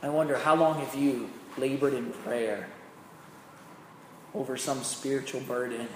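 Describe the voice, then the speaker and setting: A man preaching a sermon, swinging from loud, emphatic peaks to hushed, slow phrases. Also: mid-range voice, fairly even intonation. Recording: echoey hall with long reverb, faint noise.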